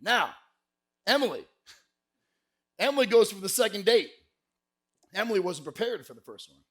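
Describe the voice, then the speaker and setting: A man giving a lively motivational sales keynote to a live conference crowd, telling stories and pushing the audience to shout answers back. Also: sits high, moderate pace. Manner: energetic, crowd call-and-response; folksy, peppered with "right?". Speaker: sales speaker.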